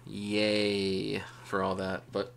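A young man from Wisconsin hosting a casual podcast chat, loose and jokey and quick to laugh. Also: fairly low pitch, monotone, gravelly, fairly bright tone. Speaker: podcast host.

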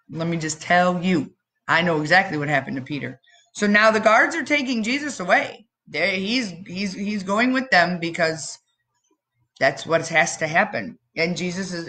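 A woman giving a children's message in church, telling the story expressively with dramatic pauses and questions to the kids. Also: fairly low pitch, sharp tone.

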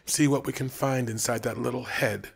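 A man voicing a stern, bossy female coworker who speaks in curt, measured commands. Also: mid-range voice, steady tone, vocal fry, husky. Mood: dismissive.

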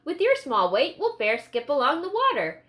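A squat, sunburned ferryman pitching his boat with cheerful persistence, as a woman narrator puts him on. The voice stays bright and raised, coaxing and talkative, as in an audiobook. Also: wildly swooping pitch, normal speed, full character voice. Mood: persuasive. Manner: persuasive sales pitch. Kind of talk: audiobook character reading.

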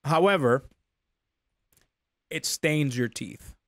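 A man's voice: on the high side, slow, a bit bright, dry recording. A young man hosting a casual streamed talk show, laughing often and repeating his words.

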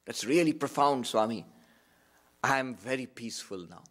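A man's voice: medium pitch, lively intonation, moderate pace, fairly bright tone, pitched below the performer's own voice, natural voice. A man voicing a miserable male businessman who speaks in an earnest, pleading way to his teacher. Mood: grateful.

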